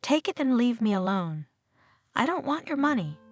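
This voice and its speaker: A woman's voice: a little high, sing-song, moderate pace, faint music behind. A woman reading the lines of an irritable, short-tempered foreign woman tourist in a storybook narration. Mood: irritated.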